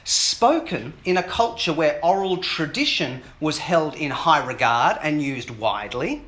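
Lively man preaching in a roomy hall. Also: a little high, unhurried. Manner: animated, joking asides with the audience. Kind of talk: Easter sermon. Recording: roomy hall with faint ambience.

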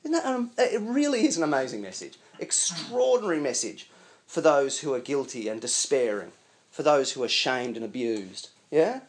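A man preaching a sermon in an animated, conversational way with chuckling asides. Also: medium pitch, normal speed.

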